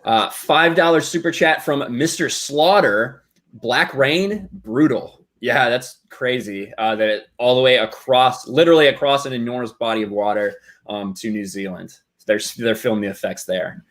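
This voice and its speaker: A man hosting a charity live stream, reading out donations in an easygoing way with lots of pauses. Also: mid-range voice, fairly bright tone. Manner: easygoing, hesitant with fillers. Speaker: host.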